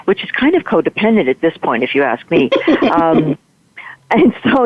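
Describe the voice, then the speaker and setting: A woman guest and author telling a personal story in an animated way, with many restarts. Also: medium pitch, moderate pace, no room sound. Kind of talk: storytelling in a conversation. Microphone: phone line. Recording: tinny phone line.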